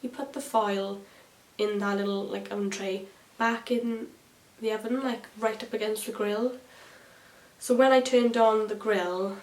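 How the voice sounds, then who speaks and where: A woman's voice: mid-range voice, steady tone, measured pace, recorded from a distance. A young woman, a beauty vlogger telling a story while doing her makeup, chatty and swearing freely. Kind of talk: chatty get-ready-with-me vlog. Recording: echoey room, voice a bit off-mic.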